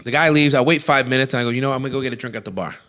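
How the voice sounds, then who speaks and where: A young adult man and comedy show host, telling a story in a loud, animated way with constant swearing and acted-out quotes. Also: mid-range voice, rapid-fire, slight background noise.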